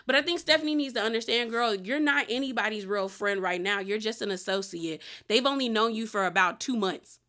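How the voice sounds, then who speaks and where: Bright-voiced chatty woman recapping. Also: fairly high pitch. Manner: slangy, opinionated, quotes cast members in quick bursts. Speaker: reality TV recap host. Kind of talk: casual chatty episode recap.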